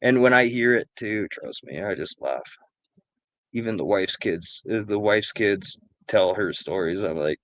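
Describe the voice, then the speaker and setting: A man with a somewhat low voice chats casually on a stream. He tells loose, wandering stories and swears freely along the way. The recording is dry and close. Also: expressive, unhurried, a bit bright, no room sound. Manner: rambling, profane storytelling. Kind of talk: casual chat.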